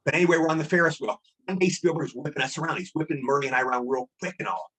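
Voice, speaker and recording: A man in his sixties, a guest actor telling rambling, animated anecdotes in a casual interview. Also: a little high, racing, breathy edge, rough recording. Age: 60s.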